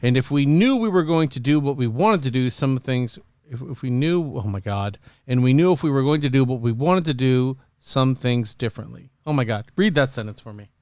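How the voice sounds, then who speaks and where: A man's voice: medium pitch, animated, brisk, darkish tone, dry recording, studio quality. A man hosting a podcast in casual chat, rambling and jokey, often acting out quotes in silly voices. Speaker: podcast host.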